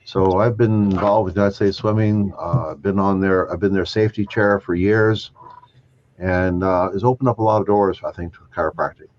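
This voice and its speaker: An older man, a chiropractor guest, telling lively anecdotes in an interview, acting out the other people in his stories and chuckling along. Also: low voice, normal speed, a little hiss or hum. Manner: animated anecdotes, acting out quoted voices, chuckling. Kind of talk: storytelling interview. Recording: dull lo-fi dry sound.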